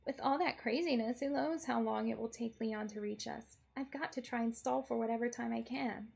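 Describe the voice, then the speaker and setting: A woman's voice: fairly high pitch, normal speed, gravelly, a little mellow, slightly rough, exaggerated voice. A woman voicing a sarcastic, wisecracking young woman held hostage in a game. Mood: scheming. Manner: sarcastic, wry.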